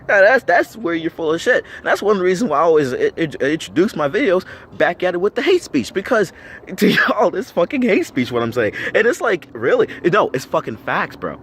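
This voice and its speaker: A high-pitched, sing-song American man talks a little fast and with a fairly bright tone while ranting to camera as a vlogger. He's blunt and argumentative, swears nonstop, repeats himself for emphasis and throws out rhetorical questions, over slight background noise.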